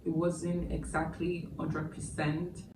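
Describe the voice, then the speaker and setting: A chatty woman talks through a movie review, emotional and full of asides. Her voice sits low and sounds some way off from the mic. The room is echoey, with steady noise underneath. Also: takes it slowly, far from the mic. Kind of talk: casual spoken review.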